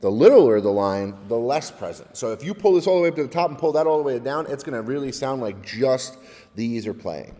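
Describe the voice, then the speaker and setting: Man, music tech teacher, casual step-by-step tutorial, mellow tone, reverberant sound. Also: medium pitch, expressive, fairly quick. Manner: casual, explains step by step, often adds "all right?". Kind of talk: screen-recorded software tutorial.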